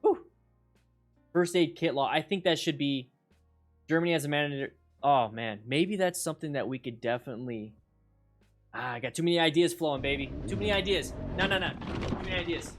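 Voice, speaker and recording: A man hosting a casual livestream chat with viewers, excitable and rambling, repeating himself with bursts of hype. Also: fairly high pitch, brisk, pauses often, faint music behind. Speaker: motorcycle riding instructor and channel host.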